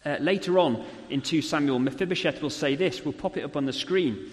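A man's voice: a little high, a little fast. A man preaching a sermon in a conversational way, often ending points with tag questions, recorded. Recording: long hall reverb.

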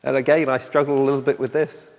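A man's voice: medium pitch, flat delivery, fast, darkish tone. Questioning male preacher in a hall. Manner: reflective, asks many questions. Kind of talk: sermon.

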